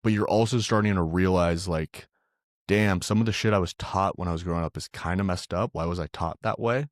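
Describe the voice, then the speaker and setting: A man's voice: sits low, a little fast, no room sound, clean studio sound. A man co-hosting a podcast, reviewing a film in casual, profane chat and saying "dude" often. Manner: loose and profane, says "dude" a lot. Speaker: podcast co-host.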